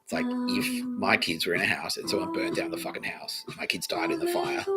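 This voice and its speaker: A man's voice: medium pitch, wildly swooping pitch, moderate pace, loud music behind the voice, low-quality recording. A man hosting a comedy podcast livestream, rambling, swearing freely and often breaking into laughter. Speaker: podcast host.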